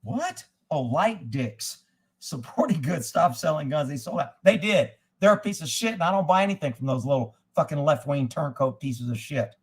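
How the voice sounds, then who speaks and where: A middle-aged man with a notably high voice rants to his livestream chat. He swears freely and gets heated as he answers viewers, in a casual off-the-cuff way. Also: expressive, moderate pace, slightly rough. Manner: profane and heated, reacting to chat. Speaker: livestream host.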